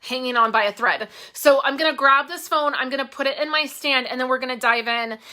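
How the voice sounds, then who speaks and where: A woman hosting a craft live stream from home on a phone, talking candidly and warmly with viewers, with plenty of fillers. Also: high voice, a little fast. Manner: candid, heartfelt, rambling with fillers. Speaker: craft channel host. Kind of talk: casual live-stream chat.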